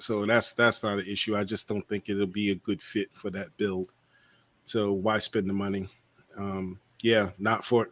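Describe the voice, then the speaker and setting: A man's voice: lowish voice, fairly bright tone, no echo. Rambling man hosting a livestream, dry mic. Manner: rambling, full of fillers and trailing asides. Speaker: podcast host. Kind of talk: casual livestream chat.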